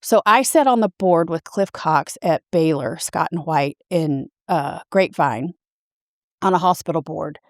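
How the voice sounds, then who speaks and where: A woman in her fifties telling a personal story as a podcast guest, earnest and halting, often restarting her sentences. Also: sits low, no echo, clean studio sound. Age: 50s.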